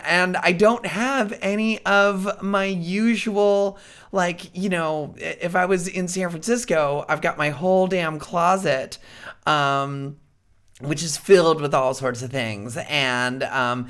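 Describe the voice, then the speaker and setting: Rambling, chatty woman streaming live. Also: sits low. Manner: rambling and chatty, with frequent fillers and laughs. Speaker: livestream host. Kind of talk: casual chat.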